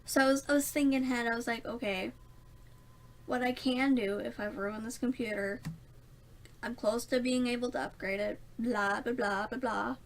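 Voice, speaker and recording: A woman's voice: on the high side, fairly even intonation, normal speed, slight background noise. Rambling young woman telling a story. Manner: rambling, self-mocking, laughs often. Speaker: vlogger. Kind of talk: casual storytime vlog.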